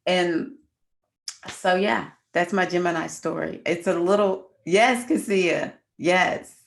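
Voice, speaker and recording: A woman's voice: on the low side, takes it slowly, creaky. A middle-aged woman hosting a casual livestream, chatting with viewers and telling a personal story. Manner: chatty, addresses viewers as y'all. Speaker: astrology livestream host.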